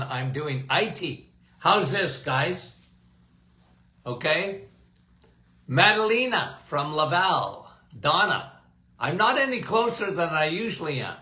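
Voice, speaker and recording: Male host, bright slightly high voice, chatty live-stream greeter, roomy tablet-mic sound. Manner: greets viewers by name, chatty. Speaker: host of a health livestream and podcast. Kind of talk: casual livestream chat.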